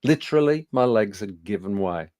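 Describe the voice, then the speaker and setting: A Birmingham-born speaking coach in his sixties tells anecdotes to a studio audience, full of fillers and self-deprecating humour. His fairly low, dark voice is expressive at a normal speed, with no room sound at all.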